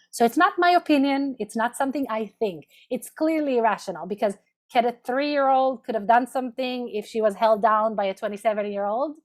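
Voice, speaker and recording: Woman therapist explaining with check-ins. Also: a little high. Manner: explanatory, repeats "right?" as a check-in. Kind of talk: professional lunch-and-learn talk. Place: home office, video call.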